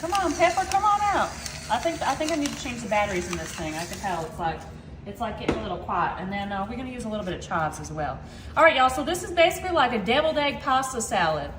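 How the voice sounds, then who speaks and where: A woman chatting casually through a cooking demonstration at home, excitedly calling her viewers y'all. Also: mid-range voice, fast, reverberant, background noise. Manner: excitable about food. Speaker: cooking vlogger. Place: home kitchen.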